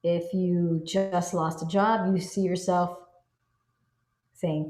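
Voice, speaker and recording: Woman, self-help coach, earnest, slightly low voice, roomy echo. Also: steady tone, slow pace, darkish tone. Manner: earnest, coaching, acts out inner self-talk. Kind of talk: spoken self-help teaching.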